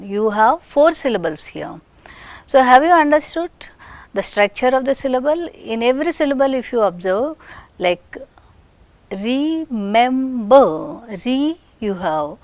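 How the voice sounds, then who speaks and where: A woman's voice: fairly high pitch, sing-song, no echo. A woman from India with an Indian English accent, giving a recorded phonetics lecture and demonstrating sounds, sometimes in a whisper. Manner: slow, deliberate, demonstrating sounds with whispered examples.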